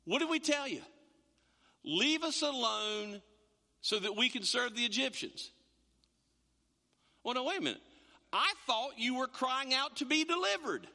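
Male pastor, high lively voice, bright tone; sermon in a reverberant sanctuary. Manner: animated, repeats words, acts out quotes. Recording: long hall reverb.

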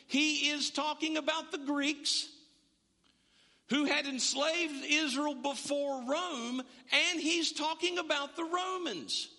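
High, bright-voiced male preacher. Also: steady tone, takes it slowly, in a large hall. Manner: emphatic, repeats words when building a point. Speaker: pastor. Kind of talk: sermon.

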